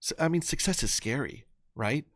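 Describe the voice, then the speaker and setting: A man's voice: mid-range voice, animated, moderate pace, no echo. A man hosts a motivational live stream in an earnest, storytelling way. His voice sits mid-range. The sound is dry and close, with no room. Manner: earnest, storytelling, many restarts. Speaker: host.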